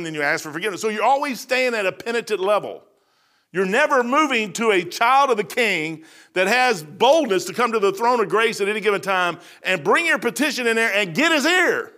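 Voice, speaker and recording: Guy in his 60s preaching, high bright voice, folksy stories, gets loud then drops real soft. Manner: folksy storytelling with lively swings between loud and soft. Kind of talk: sermon.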